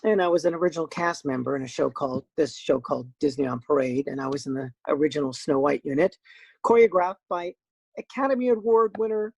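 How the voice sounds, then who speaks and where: An older man recounts his career in a lively, self-deprecating way. His voice is gravelly with some fry and a husky edge. The sound is dry and close. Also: fairly high pitch, no echo, lo-fi sound. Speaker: guest voice actor. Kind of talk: casual interview chat.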